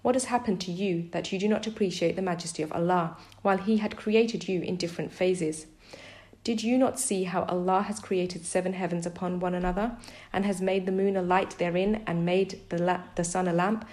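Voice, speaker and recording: A woman reading a scripture translation aloud in a measured, steady recitation. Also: lowish voice, echoey room. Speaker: scripture reader.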